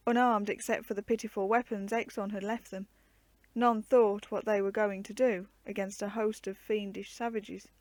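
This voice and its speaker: A woman reading an adventure book aloud as a storyteller, measured and expressive. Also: medium pitch, no room sound.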